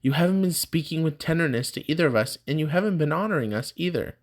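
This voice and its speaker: Man doing an earnest young woman, raised pitch, pleading, caring friend. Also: expressive, fast.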